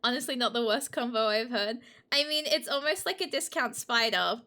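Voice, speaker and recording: A woman's voice: a little high, lively intonation, moderate pace, sharp tone. A young woman chatting casually to her live-stream audience, giggly and emotional. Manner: giggly, emotional, talks to chat.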